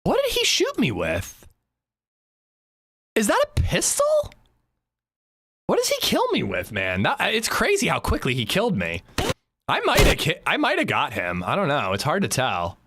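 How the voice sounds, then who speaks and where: A man streaming a game live, chatting casually with viewers, swearing freely and breaking into loud laughs. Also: on the high side, huge pitch swings, moderate pace, long pauses, background noise. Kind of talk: casual livestream chat while gaming.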